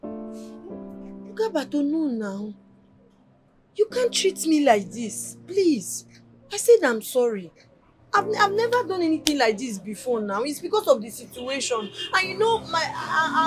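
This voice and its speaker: A desperate young Nigerian worker. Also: female voice, high voice, big pitch swings, unhurried, faint music behind. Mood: pleading. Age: young adult. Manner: pleading, begging. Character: desperate young female shop worker, pleading.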